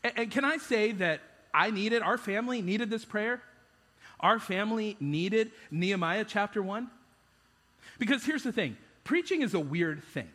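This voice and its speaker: High-voiced man preaching in a hall. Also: expressive, normal speed, a bit bright. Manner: conversational, self-deprecating, with stumbling restarts. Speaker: pastor. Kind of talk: sermon.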